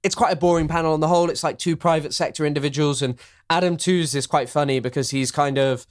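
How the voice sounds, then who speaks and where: A young man with an English accent, his voice a touch high, riffs in a wry, meandering way, full of fillers and false starts. He sounds like a podcast co-host in loose political chat. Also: fairly even intonation, fast talker. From England. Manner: rambling, sardonic, lots of fillers and restarts.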